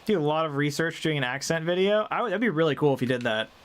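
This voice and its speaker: A man's voice: a little high, lively intonation, fast, a little hiss or hum. A man live-streaming a game, chatting casually with viewers in a playful, rambling way and laughing often, with a faint Southern drawl. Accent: light Southern drawl, mostly faded. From American South.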